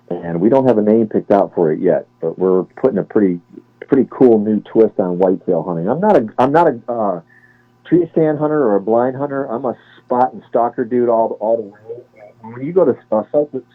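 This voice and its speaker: A man in his forties from Cleveland, a guest on an interview, talking in a relaxed, chatty way and often correcting himself. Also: on the low side, moderate pace. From Cleveland, Ohio. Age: 40s. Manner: relaxed, chatty, laughs easily, self-correcting. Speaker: guest, former Navy sniper. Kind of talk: casual interview chat. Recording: tinny phone-line audio.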